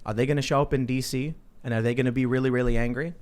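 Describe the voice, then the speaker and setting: A man hosting a political talk show, telling stories in an animated, self-interrupting way. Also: medium pitch, very fast. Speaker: podcast host.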